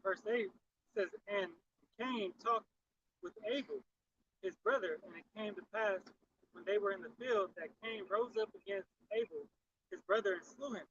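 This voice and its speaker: A man reading scripture aloud in a halting way, with fillers between phrases. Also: high voice, big pitch swings, creaky, a bit bright, muffled recording, slight background noise. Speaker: scripture reader.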